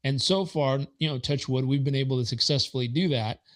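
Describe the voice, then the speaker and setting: A man in his forties, a podcast guest and business consultant, telling stories in an animated way and acting out quoted dialogue. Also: mid-range voice, brisk, low-quality recording. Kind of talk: conversational storytelling.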